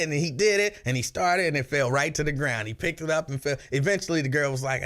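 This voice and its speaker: Radio host man, chatty storyteller, voice a bit on the high side. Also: fast talker, hardly any pauses. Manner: animated storyteller, breaks into shrill yelling impressions. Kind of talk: casual chat.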